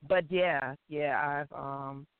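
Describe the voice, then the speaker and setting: This female radio host speaks slowly in a low, resonant, clear voice with fairly even intonation and no echo. She chats playfully with callers on her talk show, giggling often and using many fillers, all carried over a dry, tinny phone line.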